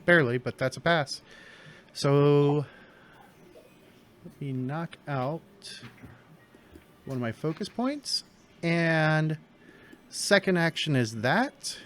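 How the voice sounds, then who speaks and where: A man's voice: a little high, animated, slow, pauses often, fairly bright tone, slight background noise. A man playing a tabletop game at home, talking through his character's turn step by step. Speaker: player. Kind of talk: casual tabletop game play.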